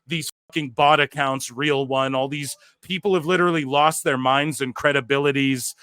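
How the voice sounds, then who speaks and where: A man's voice: mid-range voice, fairly even intonation, moderate pace, sharp tone, clean tone, dry recording. A man co-hosting a wrestling talk show, ranting in an exasperated, profane way and repeating himself with lots of filler words. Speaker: podcast co-host. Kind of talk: heated wrestling-commentary rant.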